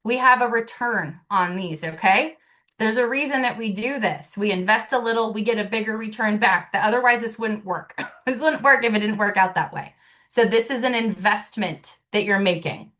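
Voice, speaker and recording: A woman's voice: mid-range voice, moderate pace, sharp tone. A woman leading a sales training over a video call, upbeat and direct, firing off rhetorical questions and checking in with "right?" and "okay?". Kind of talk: coaching on a team video call.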